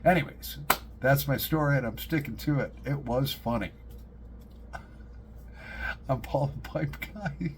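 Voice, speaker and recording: A middle-aged man, vlogging to camera and telling animated, joking stories, laughing at his own punchlines. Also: mid-range voice, moderate pace, noisy background. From upstate New York. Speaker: pipe-smoking vlogger. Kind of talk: casual storytelling to camera.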